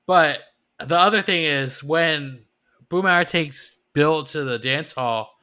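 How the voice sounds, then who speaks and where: A man's voice: fairly high pitch, takes it slowly, sharp tone, clean tone. A man co-hosting a podcast, chatting casually and musing hesitantly with many "I don't know"s and "like"s. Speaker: podcast co-host. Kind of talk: casual chat.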